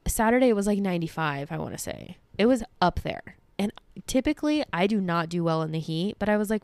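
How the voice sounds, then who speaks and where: A woman's voice: medium pitch, animated, fairly quick, a little mellow, dry recording. A young woman hosting a podcast, telling a story in casual chat with lots of fillers and casual swearing. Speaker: podcast host.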